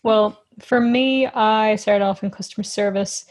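A young woman in her twenties, co-hosting a podcast in relaxed, casual talk and laughing easily. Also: mid-range voice, a little slow. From Ireland. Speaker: podcast co-host. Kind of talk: casual chat.

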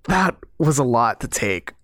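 Excitable man chatting about a game. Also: mid-range voice, a little slow, no room sound, clean studio sound. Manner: excitable, laughs often, swears casually. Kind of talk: casual game discussion.

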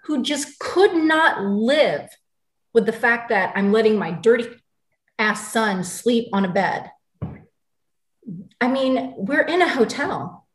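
Woman in her 40s, angry and blunt, talking in an echoey room. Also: mid-range voice. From United States. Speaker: guest sharing her story. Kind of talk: emotional interview. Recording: roomy echo.

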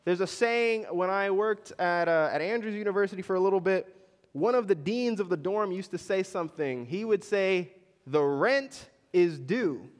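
A man's voice: high-pitched, normal speed. A man preaching a sermon in a church, talking casually and putting questions to the congregation. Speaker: pastor. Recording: long reverb in a large hall.

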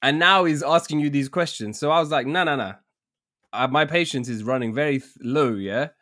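A young man tells a story on a podcast, his voice pitched slightly high. He is animated and laughs often between lines. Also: brisk. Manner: animated, laughing often, says "bruv" a lot. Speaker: podcast co-host. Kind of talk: casual storytelling chat.

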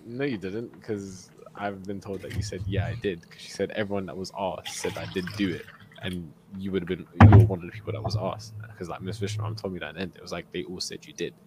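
Low-voiced young man telling a story. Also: brisk, very noisy. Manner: animated storyteller, acts out quotes, laughs often. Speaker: podcast co-host. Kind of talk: casual storytelling chat.

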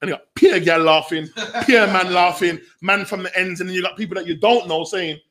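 Brief: man, slangy storyteller, higher-pitched, acts out quotes while talking. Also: brisk, a bit bright. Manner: slangy, acts out quoted voices, bursts into laughter. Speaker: youth violence researcher and guest. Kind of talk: animated storytelling conversation.

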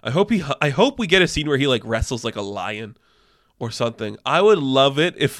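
A man hosting a casual movie news show, talking with excitable enthusiasm and frequent swearing. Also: medium pitch, normal speed, no echo, clean studio sound. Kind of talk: casual entertainment news commentary.

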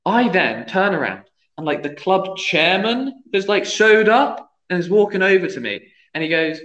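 A man's voice: sits high, lively intonation, normal speed, a bit bright. A young man, a youth football referee, telling a story in casual podcast chat and acting out the quoted voices. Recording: echoey room, dull lo-fi sound.

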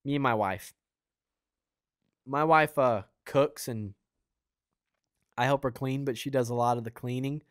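A man's voice: mid-range voice, unhurried, pauses often, fairly bright tone, clear, resonant tone, no room sound, studio quality. A young man with the hiccups, hosting his own show and giving a casual, earnest Christian teaching full of fillers and asides. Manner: earnest, conversational, rambling with fillers. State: has the hiccups. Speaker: podcast host and preacher.

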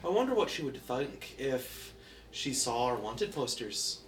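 A man's voice: mid-range voice, big pitch swings, measured pace, echoey room, distant mic, slight background noise. A man playing a tabletop game, joking with the group and laughing a lot. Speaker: player. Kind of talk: casual tabletop game chat.

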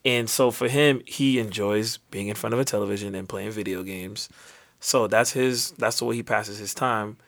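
Relaxed, reflective young man. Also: on the low side, normal speed. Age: 20s. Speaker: podcast co-host. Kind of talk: casual podcast chat.

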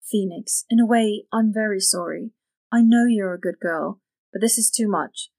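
A woman voicing a timid, apologetic middle-aged churchgoing mother who speaks gently. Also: mid-range voice, moderate pace, lightly acted.

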